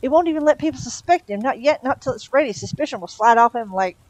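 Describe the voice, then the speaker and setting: A woman voicing a sly, sardonic male demon in a novel read aloud, speaking higher and louder than her narration. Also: expressive, no room sound, low-quality recording. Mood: insistent. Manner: sardonic, quick, exasperated.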